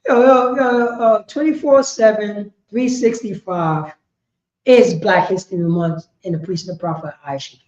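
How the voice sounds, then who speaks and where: A woman teaching a religious law class in an impassioned preaching style, repeating herself with emphasis and swinging between shouts and quiet words. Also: mid-range voice, steady tone, unhurried. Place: indoor meeting room. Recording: roomy, slightly dull lo-fi sound.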